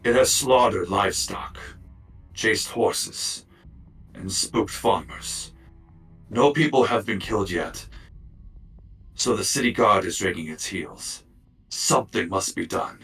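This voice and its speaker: A man voicing a ghostly white cat messenger that talks in a deep, raspy voice during a tabletop game. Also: slow pace, pauses often, a bit bright, distant mic, faint music behind, full character voice, poor audio. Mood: ominous.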